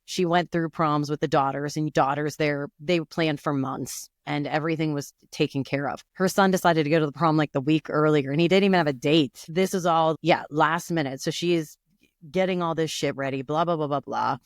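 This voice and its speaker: A woman in her forties co-hosts a podcast and tells stories in an animated, chatty way, slipping into the voices of the people she describes. Her pitch jumps around a lot, and her voice sounds dry and close to the mic. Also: fairly quick, no room sound. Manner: animated storytelling, acts out quoted voices. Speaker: podcast co-host. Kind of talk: casual chat.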